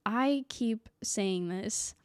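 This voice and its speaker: A young woman from Sweden talking casually to the camera, reflective and animated, acting out the people she quotes. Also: medium pitch, drawn-out words, dry recording, studio quality. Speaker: vlogger.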